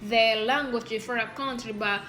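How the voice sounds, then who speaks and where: A woman's voice: a little high, fairly even intonation, bright, forceful tone. A young woman from the Dominican Republic with a Dominican Spanish accent, reading out exam answers carefully as a student. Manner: careful, deliberate, spelling words out.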